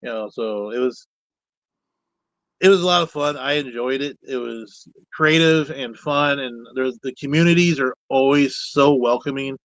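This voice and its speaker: A man's voice: medium pitch, normal speed, no echo, low-quality recording. Rambling, candid man in casual conversation. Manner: rambling, candid, peppered with mild cussing. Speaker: guest, puppet builder. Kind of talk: casual chat.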